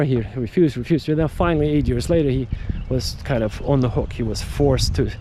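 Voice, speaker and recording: A man's voice: medium pitch, brisk, warm tone, slight background noise. A man hosting a podcast, talking in a casual, digressive monologue that repeats words and restarts sentences. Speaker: podcast host.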